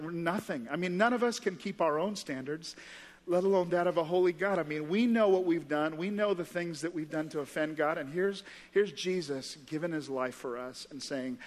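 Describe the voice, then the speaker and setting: A man's voice: on the high side, animated, brisk, long reverb tail. A male pastor preaching a sermon in a conversational, earnest way, recorded in a church auditorium. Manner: conversational, earnest, lots of fillers.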